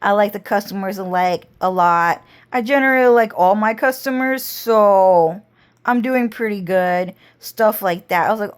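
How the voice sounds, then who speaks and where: A woman's voice: mid-range voice, clean tone. A woman telling a rambling story to her camera, cursing constantly. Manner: rambling, heavy cursing, slow drawl. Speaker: vlogger. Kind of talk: casual storytelling monologue.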